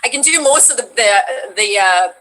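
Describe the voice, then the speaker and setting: Woman, voice actress guest, casual chat, self-mocking, bright voice, video call. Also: mid-range voice, lively intonation, normal speed, slight background noise, low-quality recording. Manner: chatty, self-mocking, lots of fillers.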